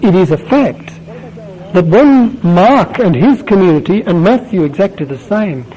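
A man preaching a sermon, asking the listeners question after question and swelling louder on key words. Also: high-pitched, expressive, unhurried, slightly rough, poor audio.

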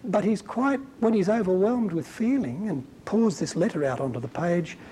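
Male preacher, animated, colloquial, fairly high voice, mellow tone, faint rumble behind. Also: normal speed, low-quality recording. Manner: animated, colloquial, warmly emphatic. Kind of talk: conversational Bible teaching.

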